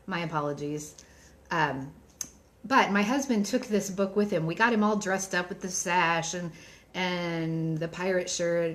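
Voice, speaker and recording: Chatty woman author, lowish voice. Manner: chatty and enthusiastic, reads out book titles, frequent ums. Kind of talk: casual live-streamed book chat.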